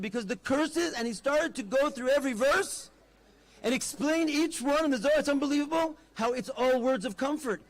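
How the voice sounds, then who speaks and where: A man, a rabbi, giving an animated storytelling address at an outdoor festival, mixing Hebrew terms into his talk. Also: very high-pitched.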